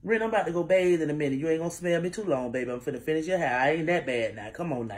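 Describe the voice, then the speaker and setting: A woman's voice: low voice, lively intonation, rapid-fire, a little mellow. A middle-aged woman, a mother chatting casually to her viewers while doing her daughter's hair, rambling and full of asides. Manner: rambling, talks straight to viewers with frequent asides.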